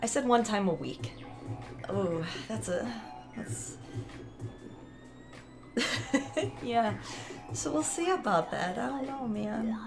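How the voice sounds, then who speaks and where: A woman's voice: a little high, animated, slow, vocal fry, long pauses, music in the background. A woman vlogger talking casually to camera, chatty and rambling, laughing often.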